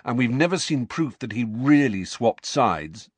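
A man voicing a brooding, stubborn teenage schoolboy in an audiobook, slow, low and darkly deliberate. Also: very animated, no room sound. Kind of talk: audiobook character reading.

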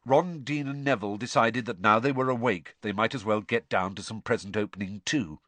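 A man narrating an audiobook in an expressive storytelling manner. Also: fairly low pitch, a little fast, dry recording. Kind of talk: scripted narration.

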